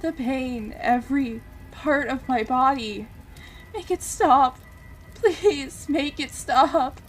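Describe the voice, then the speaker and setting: A woman's voice: sits high, takes it slowly, faint music behind, voice pushed up. A woman voicing a desperate young woman burning in a game, pleading and screaming with a breaking voice. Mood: anguished.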